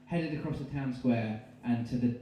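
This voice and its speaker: A man with an English accent telling an absurd story in stand-up, rambling and cutting in with deadpan asides. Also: mid-range voice, moderate pace, a little hiss or hum. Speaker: stand-up comedian. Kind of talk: stand-up storytelling with silly voices. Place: live comedy venue. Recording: distant, very echoey room mic.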